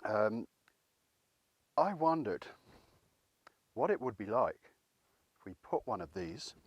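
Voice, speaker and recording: A man's voice: medium pitch, big pitch swings, slow pace, creaky, no room sound, lo-fi sound. Chatty English man hosting cooking videos. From England. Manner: chatty, rambling, self-deprecating. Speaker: cooking channel host. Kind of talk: casual cooking demonstration.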